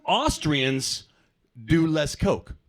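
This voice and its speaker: A man's voice: fairly high pitch, big pitch swings, very slow. An American man performing a stand-up comedy set, talking conversationally to the crowd with self-deprecating asides. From United States. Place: comedy club stage.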